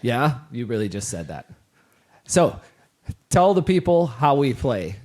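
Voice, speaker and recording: A middle-aged man co-hosting a casual sports podcast with his son, upbeat and quick to laugh, often restarting his sentences. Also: medium pitch, big pitch swings, darkish tone. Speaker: co-host, father.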